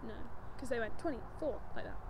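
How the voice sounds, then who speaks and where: Chatty high-voiced young woman. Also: wildly swooping pitch, crowd noise. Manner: chatty, giggly, quick to joke. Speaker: podcast co-host. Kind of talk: casual chat.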